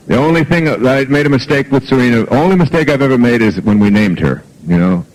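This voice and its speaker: A man's voice: medium pitch, expressive, fast talker, few pauses, slight background noise, poor audio. A middle-aged man giving a self-help talk to a live audience, anecdotal and jokey, acting out quoted dialogue. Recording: old archive audio recording.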